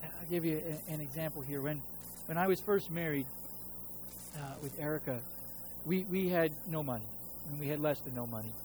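High-voiced pastor telling a story. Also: male voice, brisk, long pauses, a little mellow, faint music behind, low-quality recording. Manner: conversational storytelling, acts out his own voice and God's. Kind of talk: sermon.

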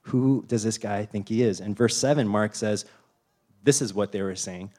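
A young man preaching a sermon in a casual, animated way, full of "you know" and "like", acting out voices as he retells a Bible story. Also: lowish voice, moderate pace. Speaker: pastor.

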